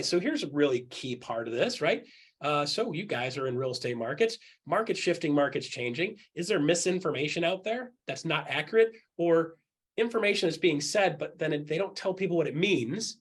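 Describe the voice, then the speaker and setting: A man with a high, husky voice coaches a group of real estate agents. He's animated and blunt, cracking jokes, acting out the voices of people he quotes, and hammering the same points more than once.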